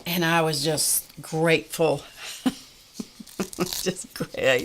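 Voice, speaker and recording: A chatty woman talks her viewers through her craft work on a live stream, laughing as she goes. Her voice sits a little low for a woman. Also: drawn-out words, pauses often, noisy background. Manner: chatty and animated, laughs often. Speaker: art livestream host. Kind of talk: casual live-stream chat while crafting.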